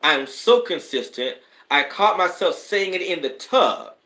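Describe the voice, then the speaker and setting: A man's voice: high voice, expressive, a little slow, pushed and bright. A man, a spiritual advisor, hosting a live stream in a casual, rambling way, with sudden preacher-like bursts of emphasis. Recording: echoey room.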